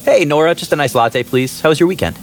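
A woman playing a breezy young female café customer in a comedic ad, talking in a deadpan way. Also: sits low, fast, natural voice. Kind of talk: comedic radio ad. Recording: ad with music behind.

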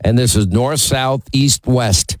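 A man's voice: medium pitch, slow pace, no echo, poor audio. A man hosting a call-in talk radio show, speaking emphatically and teasing callers.

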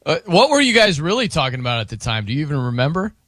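A man's voice: fairly high pitch, big pitch swings, fast talker, a bit bright, no room sound, studio quality. A middle-aged man hosting a radio show in casual chat, laughing often and mimicking how people say words.

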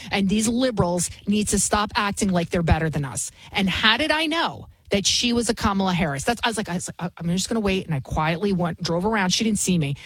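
Woman, 40s, talk radio host, heated ranting monologue, breathy tone, dry studio mic. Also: medium pitch, no room sound, low-quality recording.

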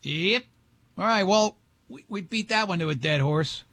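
A man's voice: high-pitched, lively intonation, moderate pace, pushed and bright, no echo. An older man hosting a radio show, telling rambling, jokey stories in casual banter.

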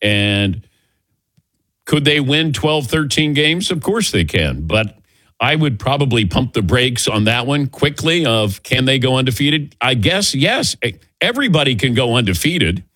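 A man's voice: medium pitch, a little slow, no room sound. A man hosting a sports talk show, telling stories with wry asides. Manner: animated storytelling, wry asides. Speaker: sports radio host.

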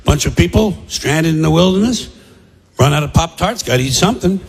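A man's voice: a little high, expressive, brisk, a little hiss or hum. A man doing a stand-up comedy set, with a sardonic, punchy, rhythmic delivery. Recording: live theater with long reverb.

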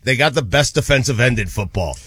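A man's voice: medium pitch, lively intonation, brisk, sharp tone, breathy edge, no room sound, clean studio sound. A man hosting a sports radio show in a casual talk, drawling and dropping fillers as he goes.

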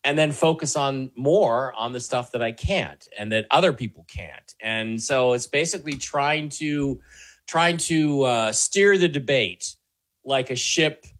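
A man's voice: mid-range voice, unhurried, fairly bright tone. A man as a talk show guest, answering questions earnestly in a rambling way, with many fillers and restarts. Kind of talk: conversational interview answers.

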